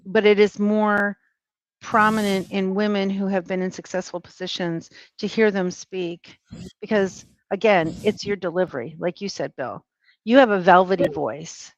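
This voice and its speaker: A woman's voice: mid-range voice, dry recording. Emphatic woman guest on a dull, dry line. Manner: emphatic, explanatory, acts out examples. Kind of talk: casual chat.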